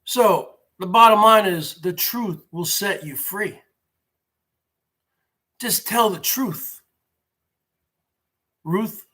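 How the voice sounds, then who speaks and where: A man in his forties hosts his own show, delivering a casual livestream rant that is sarcastic, emphatic, and full of repetition. His voice is high-pitched and bright with a forceful tone, and he speaks very slowly, pausing often.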